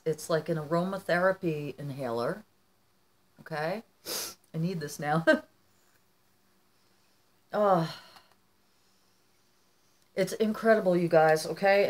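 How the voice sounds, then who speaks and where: A woman's voice: on the low side, a little mellow. A woman artist chatting casually to her vlog viewers at home, rambling and talking to them directly. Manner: chatty and rambling, often addressing viewers as "you guys". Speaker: artist vlogger.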